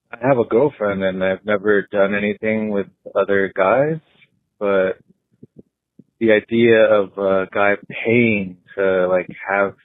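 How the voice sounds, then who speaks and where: A man in his thirties leaving a hesitant voicemail confession, full of pauses and fillers. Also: on the low side, dry recording. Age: 30s. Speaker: caller. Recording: tinny phone line.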